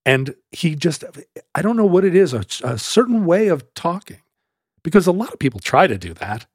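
A man's voice: on the high side, normal speed, slightly rough, no room sound, studio quality. A man hosting a casual talk show, telling a long story and acting out the voices of the people in it. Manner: animated storyteller who acts out quoted voices. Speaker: podcast host.

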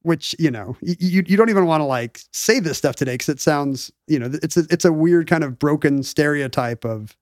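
A slightly high-voiced man talks through a history topic in a loose, chatty way. He packs his talk with "you know" and "like" and restarts sentences as he goes. The sound is dry and close, with no room behind him. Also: a little fast, few pauses, no room sound. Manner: explains history in a chatty, animated way with many fillers. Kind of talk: casual chat.

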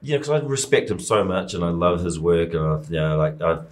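Deep-voiced rambling New Zealand man. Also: lively intonation, fairly quick. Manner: rambling, loose, full of "you know" and "like". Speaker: film director guest. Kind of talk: casual interview chat.

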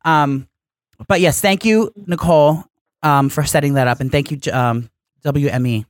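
A man's voice: on the high side, normal speed, no echo. A man co-hosting a podcast from a studio, chatting in a campy, teasing, mock-pompous way. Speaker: podcast co-host. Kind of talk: casual chat.

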